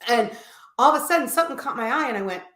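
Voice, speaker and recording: Animated woman telling a story. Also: a little high, very fast. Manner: animated storyteller, acts out quoted voices. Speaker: guest. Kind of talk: casual storytelling in a live chat. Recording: echoey room.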